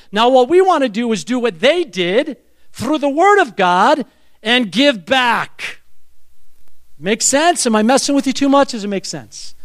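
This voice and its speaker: A man preaching a sermon, telling stories with animation and leading the congregation in call-and-response. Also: high voice.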